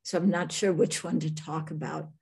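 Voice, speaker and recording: A woman from the United States, a Buddhist nun, telling a story in a Q&A talk, thoughtful and halting with many restarts. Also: low-pitched, steady tone, darkish tone, husky.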